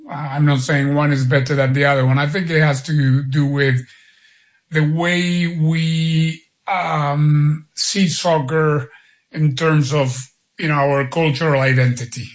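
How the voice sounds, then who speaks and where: A man's voice: on the high side, steady tone, measured pace. Man, enthusiastic announcer. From Argentina. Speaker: soccer play-by-play announcer, guest. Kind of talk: interview answers.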